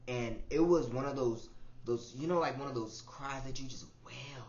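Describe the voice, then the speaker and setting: A man in his twenties hosting a podcast, talking through a reflective personal monologue in an emotional, repetitive way, often soft and then swelling louder. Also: mid-range voice, moderate pace, a little hiss or hum. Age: 20s. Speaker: podcast host. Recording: roomy, dull lo-fi audio with faint ambience.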